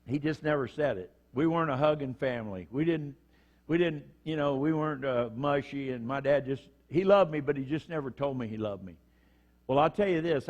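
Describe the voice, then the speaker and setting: A man's voice: fairly high pitch, darkish tone, dull audio. Older man preaching a folksy sermon. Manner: folksy storytelling, acts out quoted voices. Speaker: pastor.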